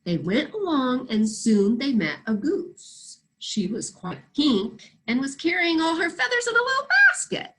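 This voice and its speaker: A woman reads a children's storybook aloud with lively, expressive delivery. Her voice sits a little high and swings widely in pitch. She takes an unhurried, gentle pace. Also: low-quality recording. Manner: animated, expressive. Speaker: storybook reader.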